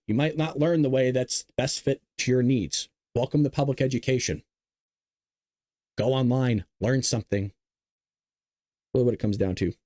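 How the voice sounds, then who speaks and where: A man's voice: medium pitch, a little mellow, dry recording, clean studio sound. A man hosting a live news commentary show, ranting emphatically with repeats and restarts.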